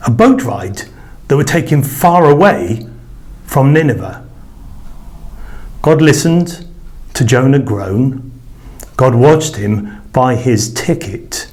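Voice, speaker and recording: Slow, lively man reading a children's story. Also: medium pitch. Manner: expressive, playful, drawn-out.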